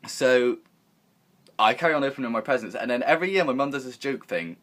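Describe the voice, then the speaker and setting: Young man, vlogger, casual rambling storyteller, average pitch, lively and profane. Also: fairly quick. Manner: rambling, animated, swears freely, acts out quotes.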